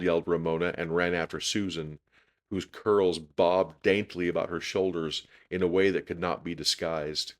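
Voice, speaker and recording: Deep-voiced man reading a children's book. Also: fairly even intonation, moderate pace. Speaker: storyteller. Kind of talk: children's book read-aloud.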